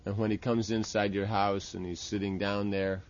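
This religious teacher's fairly low voice comes across flat, at a normal speed, on a muffled recording. He patiently explains how to carry out a temple worship ritual step by step, checking in often with "right?".

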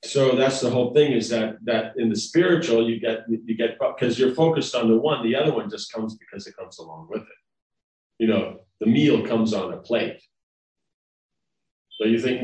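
Here the lecturer's voice sits in the mid range, moving at a moderate pace with a slightly mellow quality. He rambles through a devotional class, often pausing to check in with listeners, captured on a distant mic in a roomy space.

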